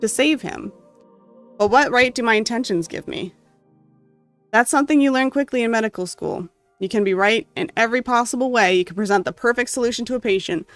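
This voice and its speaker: A gamer reading a story game's text aloud with emotional, expressive delivery and occasional asides. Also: mid-range voice, fairly quick, soft background music. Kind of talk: dramatic reading of game text.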